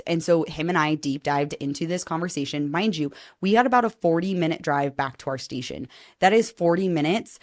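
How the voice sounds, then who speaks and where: A woman podcast host telling a story in casual interview chat, animated, acting out quoted dialogue and swearing now and then. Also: low voice, normal speed.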